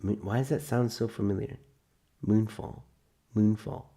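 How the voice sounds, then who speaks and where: A man's voice: fairly low pitch, steady tone, measured pace, warm tone, slightly rough. A man hosting a live stream, chatting casually and joking sarcastically while he reads out film synopses. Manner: rambling, jokey and sarcastic, reading film synopses aloud. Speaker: host.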